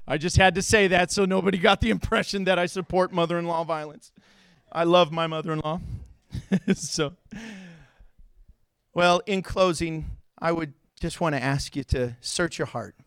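A man preaching a sermon as pastor, telling stories in an animated way, with loud, high outbursts, and joking and laughing between points. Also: normal speed, creaky, clean tone, dry recording, clean studio sound. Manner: animated storytelling, gets loud and high acting out scenes.

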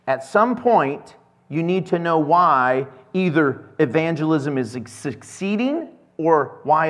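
Pastor guy, kinda high voice, chatty sermon, does little voices for his stories. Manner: conversational, acts out little scenes with voices. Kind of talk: casual sermon.

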